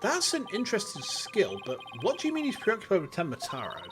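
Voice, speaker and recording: A man voicing a skeptical young male defense attorney who asks quick, dry questions while reading a game aloud. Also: sits high, wildly swooping pitch, music in the background, pitched above the performer's own voice. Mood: questioning.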